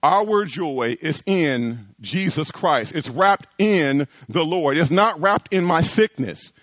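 A man's voice: fairly high pitch, slow pace, no echo. A man preaching a sermon to his church, building emphasis with repeated phrases and rising lines. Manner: animated preaching with repetitions and emphatic rises. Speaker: pastor.

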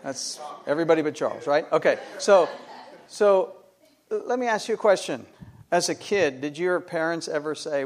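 A middle-aged pastor preaching to his congregation, his voice a touch higher than most men's. He leans hard on rhetorical questions and answers them himself with rising emphasis. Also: animated, moderate pace. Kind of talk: sermon.

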